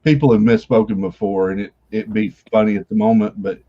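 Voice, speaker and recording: A man speaking in halting, measured phrases on a casual livestream. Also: on the low side, steady tone. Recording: dull lo-fi stream audio.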